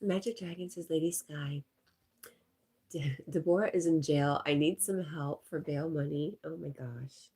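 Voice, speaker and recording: A woman with a low, husky voice and a stuffy nose, hosting a relaxed livestream. She reads viewer comments aloud in a mellow, chatty way and breaks off to coo at her dog. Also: measured pace. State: stuffy-nosed. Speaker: livestream host.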